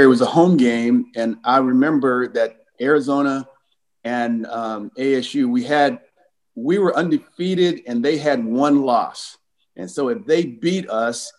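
A man in his sixties from California, a former football player telling lively game stories as an interview guest. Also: mid-range voice, rough recording. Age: 60s. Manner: animated, acts out the voices in his stories. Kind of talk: casual storytelling interview.

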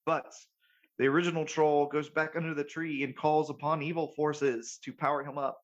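Chuckling, slightly high-voiced male podcast host. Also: moderate pace, muffled recording. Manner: relaxed, chuckles while recapping, self-correcting. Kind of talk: casual movie recap chat.

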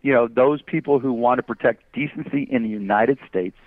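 A man's voice: mid-range voice, fairly quick, no room sound. Emphatic man on a tinny phone line. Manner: emphatic, argues through rhetorical questions. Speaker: guest entrepreneur. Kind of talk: phone interview.

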